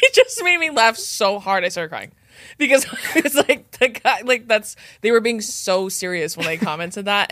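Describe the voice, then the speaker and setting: Low-voiced animated woman podcast host. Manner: animated, emphatic storyteller, heavy filler use. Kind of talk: casual chat.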